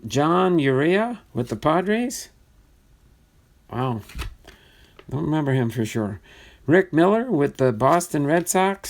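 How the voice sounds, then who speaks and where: A man hosting a live card-breaking stream, reading out names in a chatty way with sudden excited bursts. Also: a little high. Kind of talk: live box-break commentary.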